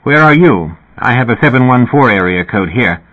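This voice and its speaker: A man's voice: medium pitch, animated, normal speed, pitched above the performer's own voice, natural voice. A man voicing a genial, amused male musician with a slight British accent and a twinkling, lilting manner. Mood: breezy. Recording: tinny phone-like audio.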